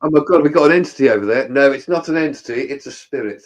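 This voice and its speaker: A man's voice: medium pitch, fast talker. A man in casual chat, telling rowdy stories with plenty of swearing and laughter.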